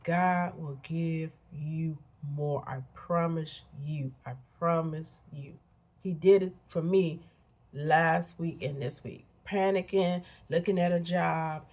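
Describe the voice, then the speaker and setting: A woman's voice: sits low, steady tone, slow, a little mellow. A middle-aged woman giving earnest, preachy motivational talk straight to her viewers. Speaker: motivational vlogger. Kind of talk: casual motivational talk to camera.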